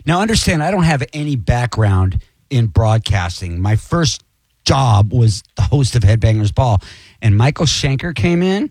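Expressive man with a lively voice. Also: medium pitch, moderate pace, slightly rough, dry recording. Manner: expressive, wide swings in voice. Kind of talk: casual chat.

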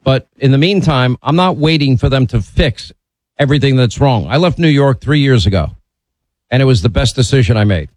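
A man hosts a call-in radio show, talking bluntly with strong opinions. His voice sits at a middle pitch. The sound is dry and close. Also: animated, fairly quick, a little mellow, no room sound, rough recording. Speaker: radio talk show host. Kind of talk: talk radio, taking calls.

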